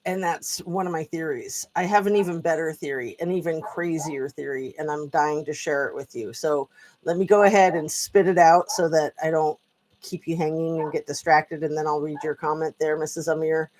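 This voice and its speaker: A woman's voice: low voice, fairly even intonation, moderate pace, a little mellow. A woman talking at home in a rambling, chatty political commentary vlog, often drifting off on tangents. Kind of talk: casual commentary monologue. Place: at home with a dog.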